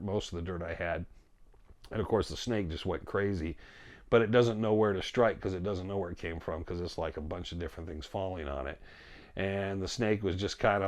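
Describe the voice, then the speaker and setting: Low gravelly man telling a story. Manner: animated retelling, quotes himself and his friend, laughs often. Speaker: storyteller guest. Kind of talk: casual spoken storytelling.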